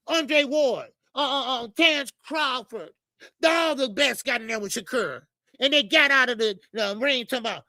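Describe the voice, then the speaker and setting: A man hosting a live boxing talk stream, ranting in a profane, animated way and often repeating himself. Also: very high voice, moderate pace, dry recording. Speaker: boxing show host.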